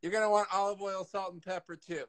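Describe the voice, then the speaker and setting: Speaking fast and smoothly in a high, level-toned voice, a man cooks on a live video call as the guest cook. He keeps the chat casual, joking and teasing himself, and gets loud when he leans in. The recording is rough.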